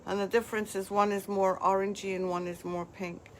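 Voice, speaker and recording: A woman's voice: mid-range voice, level tone, brisk, noisy background. A woman hosting a live craft demonstration, chatting as she walks viewers through each step. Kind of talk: live craft product demo.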